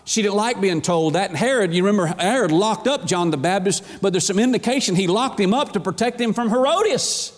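High-voiced preacher in echoing hall. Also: male voice, lively intonation, fairly quick, few pauses. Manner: fervent, repetitive, conversational. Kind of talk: sermon. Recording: long hall reverb.

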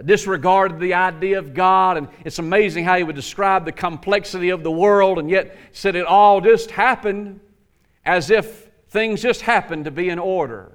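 A man's voice: high voice, a bit bright. A man preaching a sermon in a folksy, repetitive way that builds to emphatic peaks. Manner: folksy, repeats words, builds to emphatic crescendos. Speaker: pastor.

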